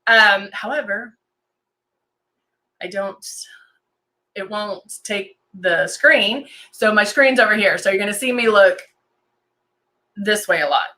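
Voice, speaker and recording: A woman speaks at a medium pitch and a slow pace, leaving long pauses, her tone bright and forceful. She hosts a casual makeup tutorial on a live stream, chatting with plenty of ums and greeting viewers by name while she works. It's picked up by a desk camera and monitor setup.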